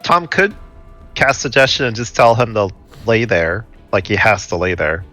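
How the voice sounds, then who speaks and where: A man's voice: fairly low pitch, very animated, moderate pace, pushed and bright, soft background music. A man playing a tabletop game, chatting eagerly about his character's moves. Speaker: player. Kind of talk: casual tabletop game chat.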